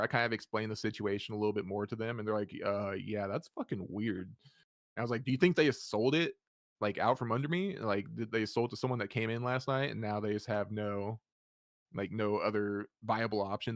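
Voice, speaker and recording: Animated man telling a story, dry sound. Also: fairly low pitch, dry recording. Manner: animated, acts out dialogue, laughs often, swears. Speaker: podcast host. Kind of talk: casual storytelling chat.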